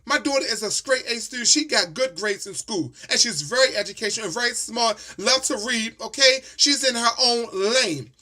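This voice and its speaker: A man's voice: very high-pitched, normal speed, hardly any pauses, pushed and bright. A man telling a story in a sassy, emphatic rant full of swearing. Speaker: vlogger.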